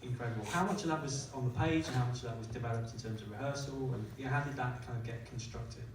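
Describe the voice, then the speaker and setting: A man's voice: medium pitch, fast. A man moderating a film festival Q&A, asking questions with fillers. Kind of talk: hosting a festival Q&A. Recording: echoey hall, distant mic, faint noise.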